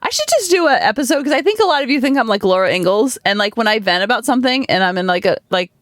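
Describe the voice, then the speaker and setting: Speaking at a quick pace with lively intonation, this middle-aged podcast host and coach has a voice on the high side. She talks casually and animatedly, full of fillers, into a studio podcast mic with studio-quality sound and no room sound.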